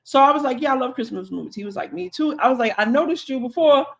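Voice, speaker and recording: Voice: high voice, lively intonation, fast, creaky. A podcast co-host telling a long, chatty anecdote in casual conversation, acting out the dialogue along the way. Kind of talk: casual storytelling.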